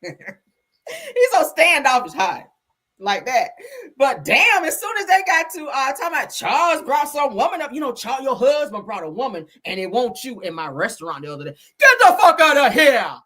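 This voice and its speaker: A woman hosts a celebrity gossip stream with a sassy, chatty delivery. Her voice is bright and fairly high, swinging widely in pitch as she acts out what people said. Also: animated, a little fast. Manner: swears freely, chatty slang. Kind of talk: casual commentary.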